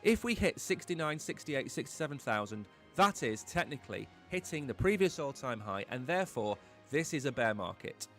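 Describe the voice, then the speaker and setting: A man's voice: medium pitch, sing-song, normal speed, few pauses, a bit bright, faint music behind. Blunt man on crypto commentary. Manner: emphatic, blunt, opinionated. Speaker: crypto market show host. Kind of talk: live-stream market commentary.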